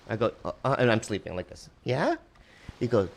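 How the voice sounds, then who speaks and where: Animated man telling stories in his fifties. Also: a little fast, gravelly. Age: 50s. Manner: animated storyteller, acts out voices with big pitch jumps. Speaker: podcast co-host. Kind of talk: casual comedic chat.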